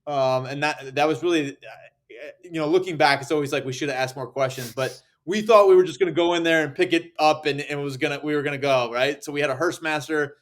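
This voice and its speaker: American man, higher voice, casual podcast storytelling, animated quotes. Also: fairly quick. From United States. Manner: animated, acts out quotes with rising pitch. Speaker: podcast guest.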